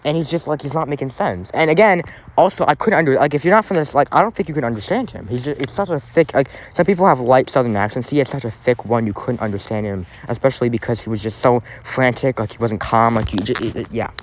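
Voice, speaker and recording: A man of ordinary pitch hosts a laid-back true crime podcast. He talks loosely, doubling back on himself and padding sentences with "um" and "like" as he goes. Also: fast talker, a little hiss or hum. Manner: rambling, many fillers and restarts. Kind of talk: casual true crime chat.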